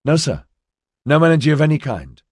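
A man voicing an excited male sensor officer who reports in fast, rising, breathless exclamations. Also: a little high, husky, no echo, studio quality, voice pushed up. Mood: thrilled.

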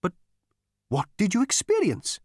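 A man's voice: high-pitched, huge pitch swings, unhurried, a little mellow, husky, dry recording, studio quality, voice pushed up, heavily acted. A man voicing a stammering, awestruck disembodied mind. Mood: astonished. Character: astonished disembodied alien mind, male, timid guardian.

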